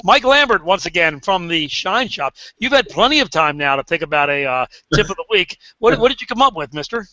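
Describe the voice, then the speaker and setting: Upbeat male host on a headset, fast talker, dry sound. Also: high voice, big pitch swings, pushed and bright, dry recording, highs cut off. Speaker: radio show host. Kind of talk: live talk radio hosting.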